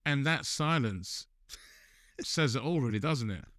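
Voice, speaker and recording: A man's voice: mid-range voice, animated, slow pace, fairly bright tone, no room sound. A man co-hosting a podcast, chipping in with dry, wry remarks in casual chat. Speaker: podcast co-host.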